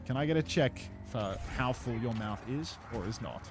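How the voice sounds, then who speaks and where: A young man streaming and casting esports, relaxed and swearing casually, laughing often. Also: medium pitch, normal speed, few pauses, background noise. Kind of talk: casual stream chat and play-by-play commentary.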